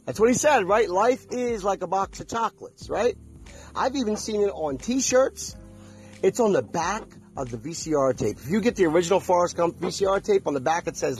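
A man delivers a casual monologue to his viewers, hammering his points with repetition and questions. His voice sits high and swoops up and down animatedly. Faint music plays behind him. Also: big pitch swings, brisk. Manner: emphatic, repetitive, preachy, asks the audience questions. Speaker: vlogger.

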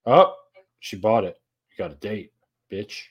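Brief: quizzical crude male co-host, animated pitch, casual watch-along chat. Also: unhurried, husky, muffled recording. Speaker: podcast co-host.

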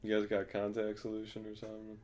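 A man's voice: fairly low pitch, monotone, fast talker, a little mellow. A young man chatting easily as a podcast guest, saying "dude" a lot. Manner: easygoing, says "dude" a lot. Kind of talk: casual chat.

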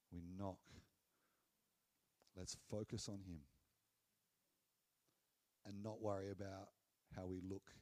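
Earnest male preacher. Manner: earnest and conversational, dropping low and soft on key phrases. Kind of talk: sermon.

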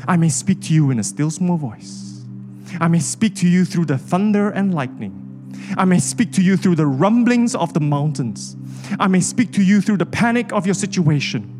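A man's voice: sits high, animated, moderate pace, darkish tone, soft background music. A man, preaching a sermon with an impassioned, repetitive cadence. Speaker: pastor.

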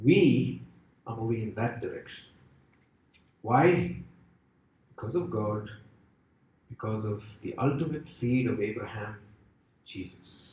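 A man preaching a sermon with an expressive, rising and falling delivery and many rhetorical questions. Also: lowish voice, slow, long pauses, slight background noise. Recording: echoey hall from far off.

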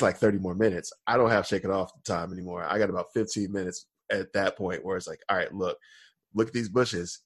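A man's voice: sits low, breathy edge, dry recording. A man co-hosting a podcast, telling a rambling story in casual chat with lots of fillers and laughter. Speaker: podcast co-host.

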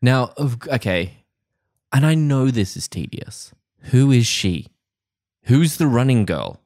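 A man's voice: mid-range voice, sing-song, takes it slowly, a little mellow, no room sound, clean studio sound. A man co-hosting a podcast, crudely and wryly recapping scenes in casual comedic chat. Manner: crude, wry, retelling scenes with quoted voices. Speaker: podcast co-host.

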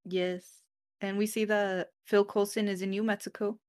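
A woman's voice: medium pitch, flat delivery, moderate pace, a little mellow, smooth. A woman co-hosting a casual podcast chat, chatty and giggly, sometimes losing her words. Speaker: podcast co-host.

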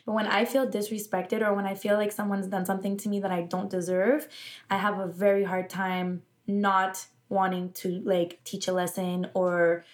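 A woman in casual talk who tells stories with energy, quoting herself and laughing along. Her pitch sits in the middle range. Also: normal speed. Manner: animated storyteller, laughs often. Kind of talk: casual chat.

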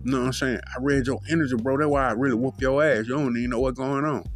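A man's voice: medium pitch, fairly even intonation, quick pace, faint music behind. A man hosting his own solo podcast, talking in a profane, rambling, loose way with lots of fillers. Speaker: podcast host.

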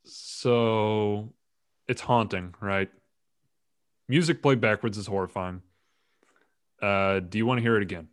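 A man's voice: on the low side, a little slow, long pauses, clean tone. A man hosting a casual podcast chat, rambling and joking, often laughing mid-sentence. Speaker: podcast host.

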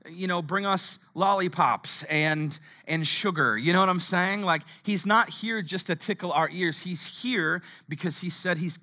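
A male pastor preaching a sermon in a lively, conversational way, calling out to the congregation and reading scripture aloud. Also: on the high side. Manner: energetic, calls out to the congregation; conversational with fillers.

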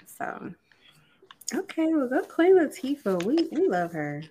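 A woman's voice: high voice, very animated, unhurried, warm tone, slight background noise. A young adult woman co-hosting a podcast, chatting casually, laid-back and profane, laughing often. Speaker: podcast co-host. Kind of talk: casual chat.

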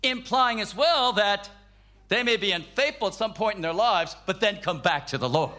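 Older male preacher, high, lively testimony read, emphatic with hushed low dips. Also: normal speed. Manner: emphatic, dropping to soft low tones. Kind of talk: personal testimony sermon.

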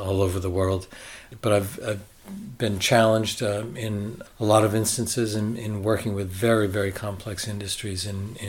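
An older man with a Boston American accent, a consultant guest talking in a relaxed, reflective and halting way. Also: on the low side. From United States. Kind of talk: conversational interview.

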